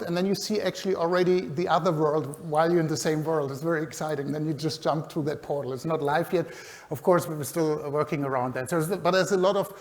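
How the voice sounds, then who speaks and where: A man giving a fast conference keynote, rushing through his slides with frequent restarts and self-corrections. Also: fairly high pitch. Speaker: conference speaker. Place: large conference hall. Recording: hall reverb.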